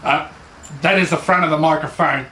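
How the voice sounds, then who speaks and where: A high-voiced Australian man lectures with dry, mocking sarcasm, talking down to his imagined students in a satirical comedy bit. The room is echoey, with a faint hiss underneath. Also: steady tone, brisk, pushed and bright. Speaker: mock instructor.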